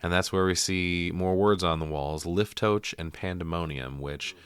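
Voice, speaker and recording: A low-voiced man hosts a casual podcast, walking through a film in a loose, profanity-laced recap. His tone is bright and forward, and the sound is dry and close. He leans on fillers as he talks. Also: fairly even intonation, moderate pace, clear, resonant tone, no echo. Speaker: podcast host.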